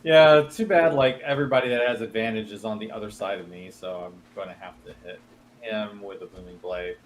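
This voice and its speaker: A man's voice: on the low side, fairly quick, slight background noise. A man playing a tabletop game, calling out his attacks and damage plainly. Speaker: player.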